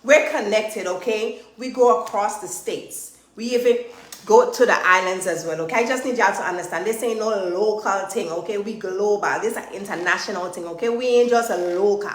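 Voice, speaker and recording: A woman hosting a live stream as a trainer, chatty and energetic, driving her points home with repeated "okay?". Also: mid-range voice, normal speed, reverberant. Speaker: host and trainer. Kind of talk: live-streamed motivational chat.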